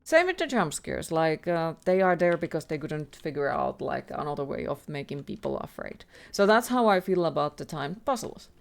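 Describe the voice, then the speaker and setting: A woman's voice: low voice, big pitch swings, moderate pace, creaky, hardly any pauses. Profane ranting woman streamer. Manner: ranting, heavily profane, exasperated. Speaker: livestreamer playing a horror game. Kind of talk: live gameplay commentary.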